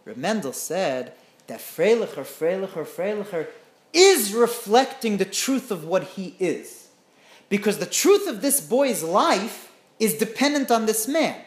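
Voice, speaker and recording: A woman's voice: medium pitch, measured pace. Woman telling a teaching story, roomy echo. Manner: animated, often asks "right?".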